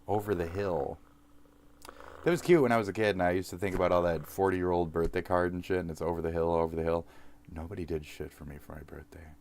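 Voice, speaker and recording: A man's voice: deep voice, fairly even intonation, fast talker, a little mellow. A man in his forties, a streamer, rambling through a profane, self-mocking sign-off to his viewers. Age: 40s.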